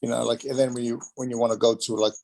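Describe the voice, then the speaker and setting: A man's voice: medium pitch, fast talker, gravelly, rough recording. Rambling man telling stories. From Australia. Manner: rambling, animated, lots of fillers. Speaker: guest, retired wrestler. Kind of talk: casual storytelling interview.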